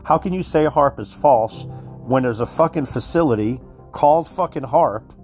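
A man's voice: medium pitch, normal speed, a little mellow, soft background music. A man giving a heated, profane monologue, worked up and repeating himself as he speaks to his listeners. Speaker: commentator. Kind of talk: profane conspiracy rant.

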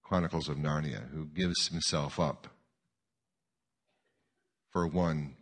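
A male preacher reflecting in a slow, earnest sermon. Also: extremely low pitch, steady tone, husky. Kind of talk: sermon with a dramatic reading. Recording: long hall reverb.

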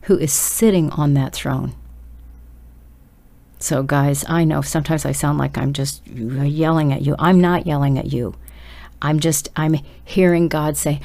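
A woman's voice: low voice, steady tone, measured pace, gravelly, mellow. A woman preaching a sermon, urging her listeners on with emphatic, direct appeals. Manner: urgent, emphatic exhortation addressed straight to listeners.

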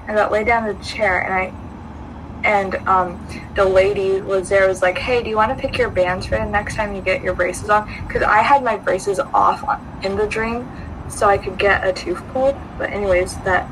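A woman's voice: mid-range voice, background noise. A young woman chatting on a podcast, retelling a dream with many fillers and restarts, recorded outdoors near a street. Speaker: podcast co-host. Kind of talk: casual chat, retelling a dream.

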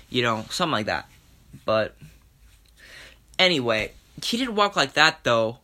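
His medium-pitched voice swings widely in pitch, bright and forceful, moving at a measured pace with long pauses. Hosting a podcast by himself, the young man rambles casually, cursing and making fun of himself.

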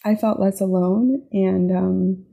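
Warm, gravelly-voiced woman podcaster. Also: medium pitch, steady tone, slow pace. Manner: earnest, heartfelt, frequent "right?" and "like". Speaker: podcast host. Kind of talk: reflective personal podcast monologue.

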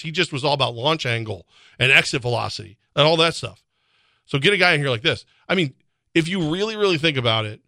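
A man's voice: mid-range voice, no echo, studio quality. A man co-hosting a sports radio show, talking casually and animatedly, laughing and acting out imagined exchanges. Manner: animated, laughs often, acts out imagined dialogue.

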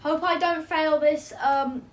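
A woman's voice: high-pitched, fairly even intonation, takes it slowly, reverberant. A woman playing a tabletop game, chatting casually. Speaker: player. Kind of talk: casual play chat.

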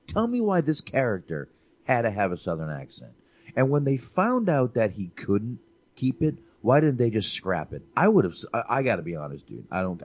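A man co-hosting a casual movie chat, animated, swearing and repeating himself for emphasis. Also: lowish voice. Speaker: podcast co-host.

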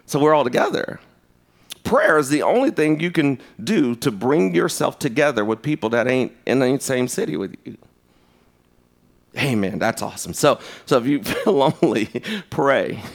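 A man preaching a conversational sermon. He tells stories in an animated way, and his pitch jumps sharply. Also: normal speed.

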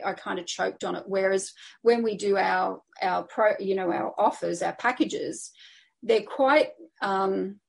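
A woman's voice: mid-range voice, vocal fry. Chatty woman guest full of fillers. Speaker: coaching client and guest. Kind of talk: casual conversation.

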